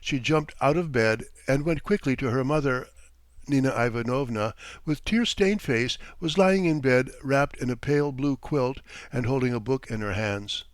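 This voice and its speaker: A man narrating a classic short story as an audiobook in a measured, even storytelling manner on a close mic. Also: mid-range voice, dry recording. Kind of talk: scripted narration.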